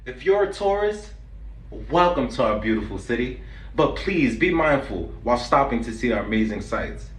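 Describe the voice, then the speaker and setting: A man's voice: mid-range voice, sing-song, moderate pace, roomy sound, a little hiss or hum. A young man from the Bronx with a New York accent, hosting a joking vlog full of street slang. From New York City, the Bronx. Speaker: vlogger host. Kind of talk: comedic vlog skits.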